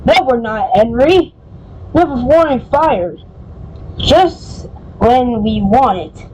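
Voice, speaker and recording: Woman doing a deferential male fireman, storybook, polite, slowish. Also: fairly high pitch, expressive, darkish tone, slight background noise, low-quality recording. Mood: reassuring. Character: respectful working male engine fireman.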